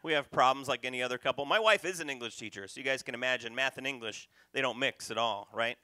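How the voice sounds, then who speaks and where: Bright-voiced man doing stand-up. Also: medium pitch, fast talker, dry recording. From North Carolina, USA. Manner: punchy, loud crowd work. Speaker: stand-up comedian. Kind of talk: stand-up comedy set. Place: comedy club stage.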